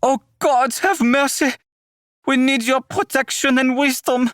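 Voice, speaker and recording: A man voicing a grieving, pious royal mother in a high, quavering feminine voice. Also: fairly even intonation, unhurried, fairly bright tone, no room sound, clean studio sound. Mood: tearful.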